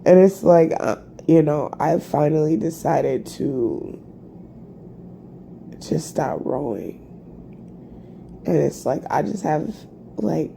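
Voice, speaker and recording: A tired woman vlogging a rambling, halting personal reflection, full of fillers and restarts. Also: sits low, vocal fry, warm tone, a little hiss or hum. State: tired, yawning. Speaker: spiritual vlogger.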